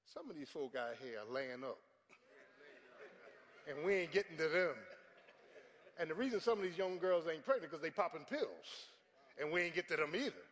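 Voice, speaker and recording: Middle-aged male pastor, lively pitch, animated sermon delivery, big reverberant sanctuary. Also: moderate pace, long pauses. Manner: animated preaching with sudden shouted peaks. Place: large church sanctuary. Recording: church hall with long reverb.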